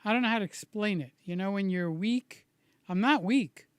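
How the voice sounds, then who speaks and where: A man chatting slowly and casually with live viewers, a little hoarse, greeting people by name and rambling between stories. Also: sits high, no room sound. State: slightly hoarse from shouting. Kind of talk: casual live-stream chat.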